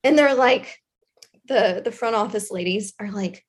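A woman with a Southern US accent telling a school story in a casual chat, animated and chatty with plenty of fillers. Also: mid-range voice, measured pace. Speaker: guest storyteller, former intervention specialist.

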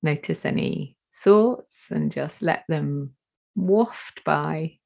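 A woman leads a guided meditation in a deep, mellow voice with plenty of vocal fry. She speaks at an extremely slow pace and leaves long, soothing pauses between phrases. The recording sounds dull and slightly lo-fi. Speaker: meditation teacher.

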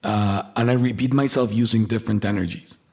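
A man's voice: lowish voice, brisk. A man on a podcast chatting casually and animatedly, acting out the voices of the people he describes. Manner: animated storyteller, acts out quoted voices. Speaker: podcast co-host, personality trainer.

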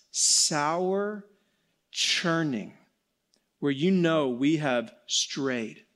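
An earnest male pastor delivers a sermon in a slightly high voice. He slows down and sinks soft for emphasis, then climbs back up with energy.

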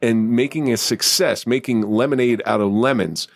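A man's voice: medium pitch, moderate pace, no echo. A man hosting a podcast, chatting in a wisecracking, earthy way. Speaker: podcast host. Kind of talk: casual chat.

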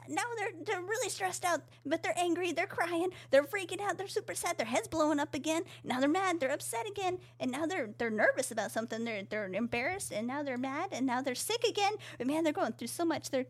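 A woman co-hosting a casual podcast, reading listener emails aloud in a giggly, rambling way and stumbling over her words. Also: very high-pitched. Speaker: podcast co-host.

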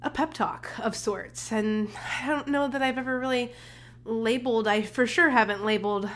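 A woman's voice: fairly high pitch, fairly even intonation, normal speed, a bit bright. A young adult woman hosting her own podcast, giving an upbeat, encouraging pep talk in a casual, chatty way, a little congested. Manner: upbeat, encouraging, chatty with many fillers and restarts. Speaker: podcast host, holistic nutritionist.

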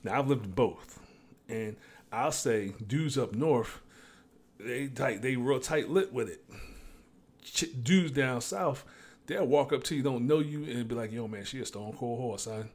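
A man's voice: mid-range voice, measured pace, darkish tone, husky. Blunt, profane man ranting solo. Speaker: show host. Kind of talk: casual monologue.

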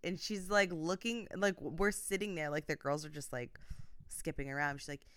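A woman's voice: sits low, fairly even intonation, normal speed, fairly bright tone, clear, resonant tone, dry recording, studio quality. A woman in her thirties hosting her own podcast, talking casually and upbeat with lots of fillers. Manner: chatty and upbeat, many "like" fillers. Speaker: podcast host, life coach. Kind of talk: casual solo podcast talk.

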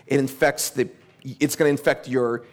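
A young male pastor preaching a sermon in a church, conversational and animated, acting out dialogue. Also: mid-range voice, normal speed.

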